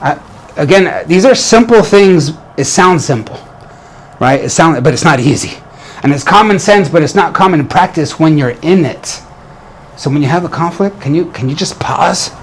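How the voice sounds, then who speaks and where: A man's voice: a little high, animated, moderate pace, slightly rough. A man giving an earnest motivational talk as a relationship coach, often restarting and repeating phrases.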